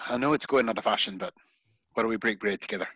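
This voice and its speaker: A man voicing a burly, gap-toothed male chieftain who talks bluntly and fast, in a tabletop game. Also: on the low side, bright, forceful tone, no echo, muffled recording. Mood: gruff.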